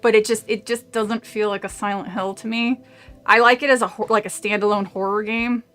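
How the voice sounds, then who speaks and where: A woman's voice: medium pitch, fairly bright tone. A woman streaming herself reading a horror novel aloud, chatting casually and drifting into tangents, often laughing. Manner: rambling, with frequent tangents and laughs. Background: faint movie audio.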